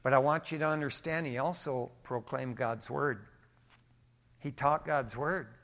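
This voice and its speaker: A male pastor preaching a sermon, his volume swinging from hushed to emphatic, mixing everyday stories and light humor into Bible teaching. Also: medium pitch, a little slow.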